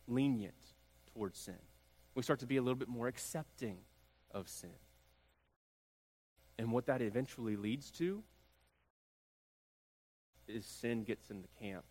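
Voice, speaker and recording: A man's voice: mid-range voice, measured pace, long pauses, darkish tone. A man preaching a sermon as pastor, building emphasis through repeated phrases. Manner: preaching with rising emphatic repetition. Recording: long hall reverb.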